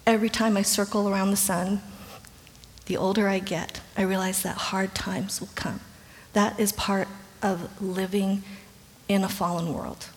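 A woman giving a personal testimony sermon in an earnest storytelling way. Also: medium pitch. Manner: earnest storytelling, drops to a hushed whisper at tender moments. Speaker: speaker at a Christian gathering. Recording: long hall reverb.

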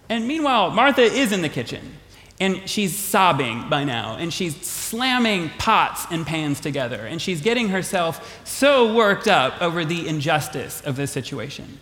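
A male pastor preaching a sermon, retelling a story with animated, repetitive phrasing. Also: high voice, moderate pace. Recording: long hall reverb.

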